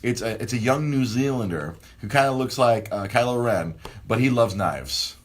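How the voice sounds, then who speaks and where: A man hosting a casual podcast, telling a rambling, animated story full of restarts. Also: mid-range voice, normal speed. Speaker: podcast host.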